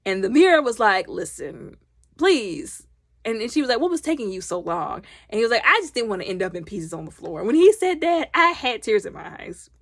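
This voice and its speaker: Woman talking loud about a movie, acts out the lines, voice jumps all over, dry room. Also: on the high side, a little fast, no echo. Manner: animated, acts out characters' lines with voice swings. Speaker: movie reviewer. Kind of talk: casual movie recap.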